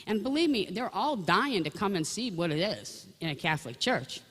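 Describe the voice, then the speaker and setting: A woman's voice: mid-range voice, big pitch swings, normal speed, fairly bright tone, breathy edge. Older woman telling chatty faith anecdotes, echoing. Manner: chatty, rambling anecdotes addressed straight to listeners. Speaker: Catholic speaker giving testimony. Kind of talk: storytelling faith talk. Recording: long echoing reverb.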